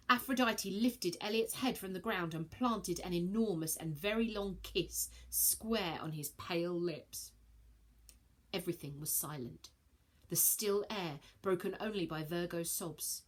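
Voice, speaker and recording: A woman reading a children's novel aloud, switching into many character voices with shouts and whispers. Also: fairly low pitch, measured pace. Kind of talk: expressive storybook read-aloud.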